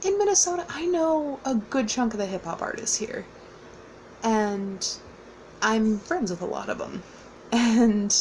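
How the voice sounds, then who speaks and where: A woman's voice: on the high side, expressive, a little slow, a little mellow, a little hiss or hum, low-quality recording. Chatty young woman telling a story. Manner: chatty, rambling, with fillers and frequent laughs. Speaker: vlogger. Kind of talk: casual storytelling.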